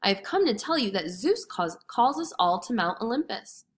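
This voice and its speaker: A woman voicing a quick, slender male messenger god who speaks briskly and cheerfully, in a storybook read-aloud. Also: a little high, very animated. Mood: calm.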